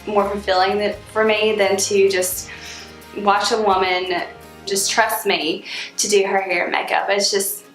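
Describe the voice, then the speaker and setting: A woman's voice: mid-range voice, flat delivery, measured pace, fairly bright tone, soft background music. Chatty Southern woman in an echoey room. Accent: Southern US (Alabama). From Alabama, US. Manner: chatty, upbeat, laughs often. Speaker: beauty vlogger. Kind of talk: casual talk to camera.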